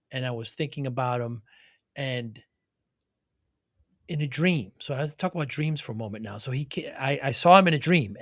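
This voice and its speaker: A man's voice: medium pitch, fairly bright tone, dry recording, studio quality. A middle-aged man hosting an interview podcast, reflective and attentive as he asks questions. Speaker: podcast host. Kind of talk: interview conversation.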